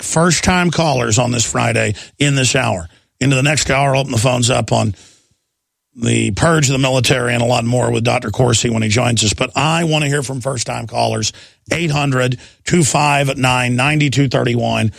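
A male talk radio host, ranting in a gravelly, fried voice. He hammers his points hard and rallies his listeners. The studio sound is close and dry. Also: medium pitch, fairly bright tone, dry recording. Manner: fiery, emphatic, rallying listeners. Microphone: studio microphone.

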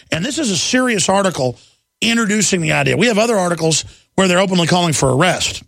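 Gravelly, combative male talk-radio host. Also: high voice, lively intonation, a bit bright, no room sound. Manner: fast, combative, ranting with mocking impressions. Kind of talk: heated political talk radio monologue.

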